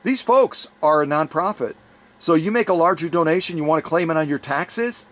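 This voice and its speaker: A man hosting his channel, making an urgent, repetitive fundraising appeal with a voice going hoarse. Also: on the high side, moderate pace, fairly bright tone. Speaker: YouTube channel host.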